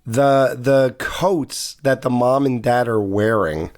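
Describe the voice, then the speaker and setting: A man co-hosting a casual film review podcast, making quick joking asides. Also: medium pitch, darkish tone. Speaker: podcast co-host.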